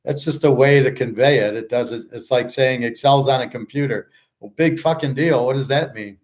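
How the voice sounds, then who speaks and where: A man's voice: mid-range voice, normal speed, a little mellow. A man hosting a show, ranting casually and bluntly with lots of swearing, rambling and restarting his sentences. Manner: blunt, profane, ranting and scoffing. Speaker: show host and handicapper. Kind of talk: casual monologue.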